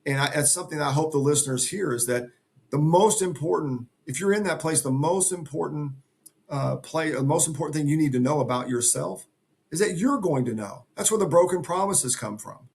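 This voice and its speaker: A middle-aged man with a gravelly, fry-touched voice, speaking as a podcast guest. He talks earnestly and with motivational emphasis, pressing his points home. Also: on the high side, animated, a little fast, darkish tone. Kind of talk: conversational interview.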